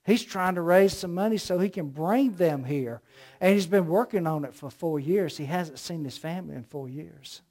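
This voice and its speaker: A man's voice: on the high side, moderate pace, a little mellow. A middle-aged man from the American South with a Southern accent, preaching a sermon with emphatic, storytelling delivery.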